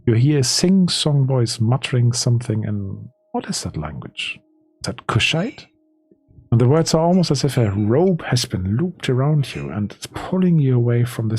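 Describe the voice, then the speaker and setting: A man running a tabletop game as game master, narrating the scene slowly with pauses and restarts. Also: mid-range voice, darkish tone, husky, no echo. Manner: slow, hesitant storytelling with restarts.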